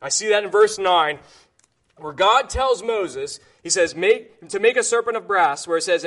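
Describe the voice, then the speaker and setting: A man's voice: high voice, lively intonation, normal speed, a bit bright. A man preaching an impassioned evangelistic sermon, emphatic and reading scripture in old-fashioned wording.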